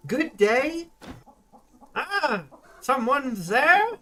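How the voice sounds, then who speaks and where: A man doing a shrill frail old village woman. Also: sing-song, very slow, sharp tone, slight background noise, full character voice. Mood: startled. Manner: high, startled, dismissive.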